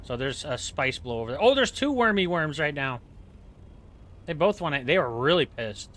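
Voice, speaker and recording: A male game streamer with a bright, fairly high voice that carries a keen, forward edge. He chats loosely and jokes at his own expense, wandering from one aside to the next. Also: sing-song, normal speed. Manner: joking, rambling, self-mocking. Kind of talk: casual chat while playing.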